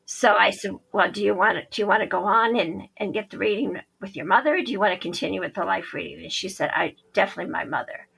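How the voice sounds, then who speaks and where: A woman's voice: medium pitch, quick pace, creaky, hardly any pauses, a bit bright, husky, rough recording. A woman psychic medium, a podcast guest, telling a story animatedly and acting out the quoted dialogue.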